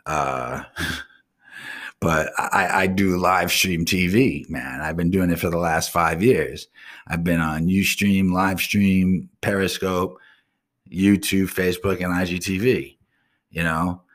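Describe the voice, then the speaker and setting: A deep, low-pitched man rants on his own live stream show, cursing in nearly every sentence. He talks in blunt, casual slang and drifts into loose asides. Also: steady tone, slow, fairly bright tone. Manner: swears constantly, blunt and ranting. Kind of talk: profane solo rant.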